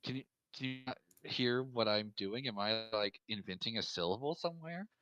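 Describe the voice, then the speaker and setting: A man's voice: medium pitch, normal speed, lo-fi sound. A man talking with a collaborator over a voice call, hesitant and a bit puzzled. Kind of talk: casual call chat. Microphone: voice chat over the internet.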